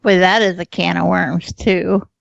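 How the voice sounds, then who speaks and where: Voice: medium pitch, flat delivery, measured pace, vocal fry, no echo, highs cut off. Wry, dry-sounding podcast co-host. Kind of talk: casual podcast chat.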